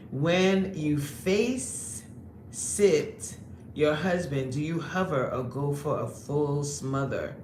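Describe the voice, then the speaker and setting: A woman fitness coach hosting a livestream, reading the chat aloud and joking brashly in streetwise slang. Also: low voice. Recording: echoey room with faint ambient noise.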